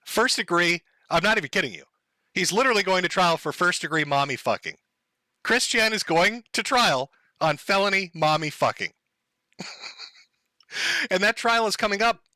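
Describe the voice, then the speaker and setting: A man's voice: high-pitched, expressive, normal speed, long pauses, sharp tone, dry recording. A man hosting a livestream, talking in a crude, sarcastic and mocking way. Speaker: livestream host. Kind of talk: casual livestream commentary.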